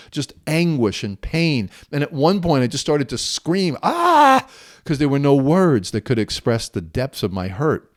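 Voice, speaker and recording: A man's voice: medium pitch, darkish tone. A middle-aged man earnestly telling a painful personal story as a video host, emotional as he relives it.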